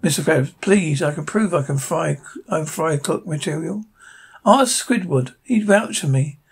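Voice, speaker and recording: A man voicing an eager young male sea sponge who wants to be a fry cook, with a husky, excitable voice. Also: a little high, full character voice. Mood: pleading. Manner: excitable, rapid, overeager.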